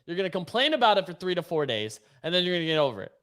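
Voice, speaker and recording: A man co-hosting a podcast, clearly explaining sale details in a casual tone. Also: high-pitched, very animated, rapid-fire, fairly bright tone. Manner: clear, matter-of-fact explaining. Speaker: podcast co-host.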